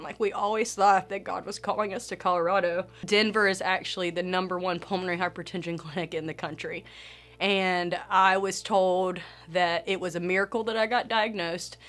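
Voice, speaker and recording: A woman sharing a personal faith testimony in an earnest, emotional way, with soft laughs between phrases. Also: mid-range voice.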